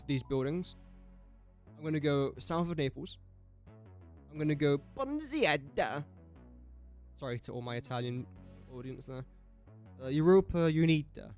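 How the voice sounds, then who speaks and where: A young man with an English accent talks through his gameplay in a loose, rambling live-stream style, joking at his own expense and half-muttering his guesses. His voice sits a little higher than most men's, with faint music playing underneath. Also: darkish tone. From England. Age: young adult. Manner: chatty, self-mocking, mutters while guessing. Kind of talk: casual live-stream commentary.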